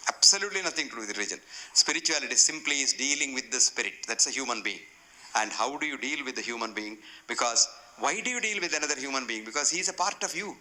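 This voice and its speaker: Man, Indian English accent, very bright sharp tone, mid pitch, funny anecdote-driven lecture. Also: expressive, fast, rough recording. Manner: humorous storyteller, self-deprecating. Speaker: guest lecturer. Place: hotel function hall.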